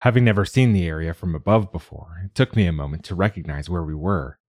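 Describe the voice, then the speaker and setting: A man narrating a novel in the first person with measured, steady delivery. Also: low-pitched, dry recording, studio quality. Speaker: audiobook narrator.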